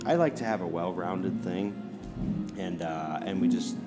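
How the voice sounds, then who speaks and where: A man being interviewed as a guest musician, modest and halting, restarting his sentences often. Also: sits low. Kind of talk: casual interview chat. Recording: loud music playing behind.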